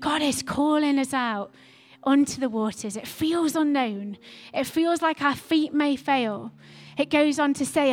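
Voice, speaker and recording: Woman pastor giving a sermon, high voice, earnest and repeating lines. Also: unhurried. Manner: earnest, repetitive exhortation.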